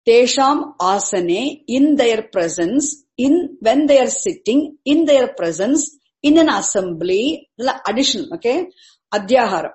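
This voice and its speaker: Woman teacher, fairly high voice, very slow, measured recitation, roomy echo. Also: lively intonation, darkish tone. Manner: syllable-by-syllable chanting, then quick asides. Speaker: Sanskrit teacher. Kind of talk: slow recitation and explanation of a text.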